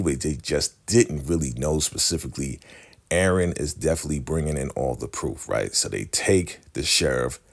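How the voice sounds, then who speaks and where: A man casually recapping a TV episode, animatedly acting out the characters' lines. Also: extremely low pitch. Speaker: TV recap vlogger.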